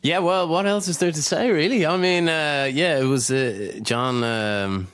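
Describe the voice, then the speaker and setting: A man's voice: on the high side, unhurried, clear, resonant tone, no room sound. A man co-hosting a podcast, talking animatedly and rambling through a casual chat. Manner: animated, rambling, with many fillers and restarts. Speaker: podcast co-host.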